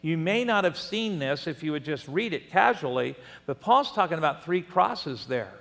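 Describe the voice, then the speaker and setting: Animated older male preacher in a hall. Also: a little high, normal speed, vocal fry. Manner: animated preaching with asides and laughs. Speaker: pastor. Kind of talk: sermon. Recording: long reverb of a church hall.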